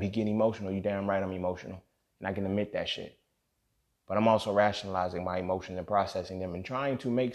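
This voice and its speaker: A man with a low-set voice and a gravelly, fry-laced edge pours out an angry, emotional solo podcast rant. He stays emphatic and profane, hammering his points and checking in with the listener again and again. His words hit like a heated talk to friends. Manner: emphatic, profane, keeps asking "you feel me". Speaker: podcast host. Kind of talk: impassioned solo monologue.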